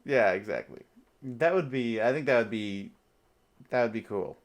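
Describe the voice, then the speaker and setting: A man's voice: mid-range voice, expressive, normal speed. A young man hosting a podcast in casual chat, rambling with lots of filler words and frequent laughter. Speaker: podcast host.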